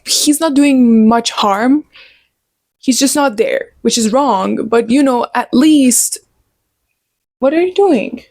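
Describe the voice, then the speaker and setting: Young woman in her twenties, book vlogger, casual and opinionated, higher voice, unhurried, dry close sound. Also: dry recording. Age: 20s. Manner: animated, opinionated, talks to viewers directly. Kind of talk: casual chat.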